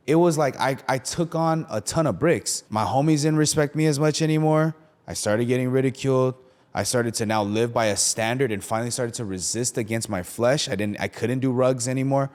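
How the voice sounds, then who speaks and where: A young man hosting a podcast, talking about faith in a casual, slangy way and often checking in with "right?". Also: mid-range voice. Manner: slangy, animated storytelling with lots of "right?". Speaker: podcast host.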